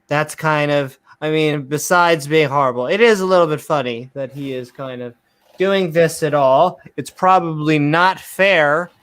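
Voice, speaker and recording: A man hosting a comedic read-through, his voice sitting fairly high for a man. He delivers the archaic verses slowly, with mock grandeur and sarcastic asides in between. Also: fairly bright tone. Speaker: host. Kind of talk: comedic scripture reading and chat.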